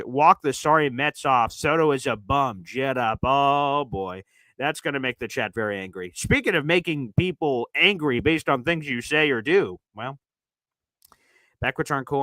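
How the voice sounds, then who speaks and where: This sports podcast host, a man with a slightly high voice, reads super chats on a laid-back live stream, rambling with plenty of fillers and drifting between loud bursts and mutters. The recording is dry and low quality.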